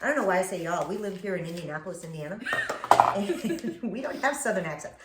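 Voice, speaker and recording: A woman's voice: on the low side, lively intonation, fast. A woman from Chicago co-hosting a casual home cooking demo, reading the recipe aloud in a chatty, giggly way with small stumbles. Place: home kitchen. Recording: echoey kitchen with background noise.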